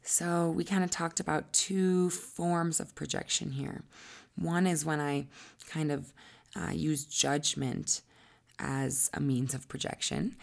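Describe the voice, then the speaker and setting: A woman coach with a low, husky voice and a gravelly fry, speaking in a teaching monologue. She explains ideas at length and sometimes slips into soft, breathy asides. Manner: acts out quoted voices, drops to soft asides.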